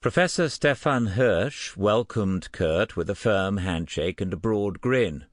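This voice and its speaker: Deep guy reading an audiobook, measured, super dry close sound. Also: animated, dry recording. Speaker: audiobook narrator. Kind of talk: scripted narration.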